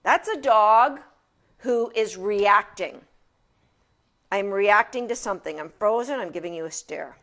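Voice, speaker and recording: A woman's voice: medium pitch, unhurried, a bit bright. A woman dog trainer giving an informal lecture from her couch at home in a chatty, casual way with frequent restarts.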